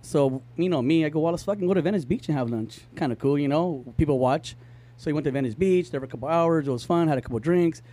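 A man's voice: a little high, fast talker, dark tone. A man telling a long story in casual podcast chat, rambling and profane, with many fillers. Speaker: podcast co-host.

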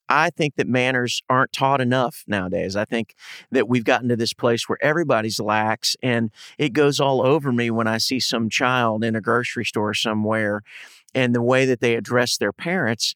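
A man's voice: mid-range voice, dry recording, studio quality. A man from Ohio, a podcast guest, chatting casually and telling stories with animation. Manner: animated storyteller.

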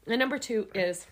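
A woman co-hosting a podcast, telling a story in a casual, animated way and laughing often. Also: on the high side, very noisy. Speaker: podcast co-host.

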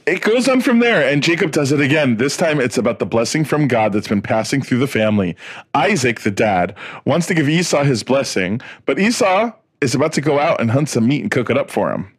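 A man co-hosting a podcast, excitable and giggly as he retells the story in casual chat. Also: medium pitch, fairly quick, breathy edge. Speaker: podcast co-host.

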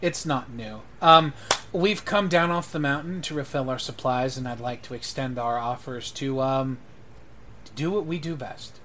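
A man's voice: medium pitch, normal speed, bright, forceful tone, a little hiss or hum, close to an everyday voice. A man voicing a friendly male demi-elf mercenary envoy who talks in an affable, slightly hesitant way.

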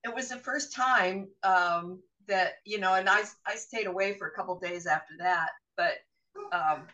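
On lo-fi sound with the mic far away, a middle-aged woman with a mid-range voice shares a personal story on a podcast at a moderate pace, lively and doing the voices of the people involved.

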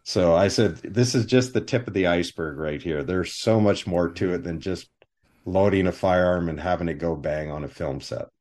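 Low-voiced man telling set stories. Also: moderate pace. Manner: animated anecdotes with voiced quotes. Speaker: film armorer guest. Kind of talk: live interview storytelling.

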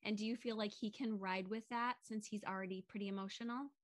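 A woman hosts the conversation, nodding along with frequent affirmations and gently steering with reflective questions. Her voice sits at an ordinary middle pitch, and the recording is dry with no room sound. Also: steady tone, brisk, no echo. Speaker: podcast host. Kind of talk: interview conversation.

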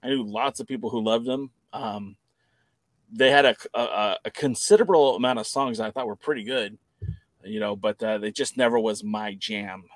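A man's voice: on the low side, normal speed, no echo. A man co-hosting a podcast, talking casually in a rambling, opinionated way that often corrects itself mid-sentence. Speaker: podcast co-host. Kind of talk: casual chat.

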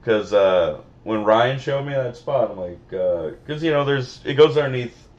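A man's voice: medium pitch, animated, normal speed, darkish tone, highs cut off. A man co-hosting a podcast, telling rambling, profane, joking stories in casual banter. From Missouri. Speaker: podcast co-host.

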